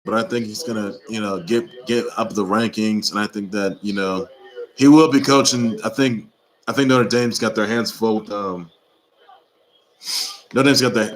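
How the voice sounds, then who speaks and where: A man with a lowish, fairly bright voice hosts his own casual sports news commentary, rambling, repeating himself and exhorting teams with emphasis. The audio is rough.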